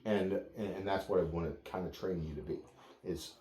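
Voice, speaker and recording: A man working as a dog trainer, explaining to clients in a calm, steady, plain-spoken way. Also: sits low, fairly quick, reverberant.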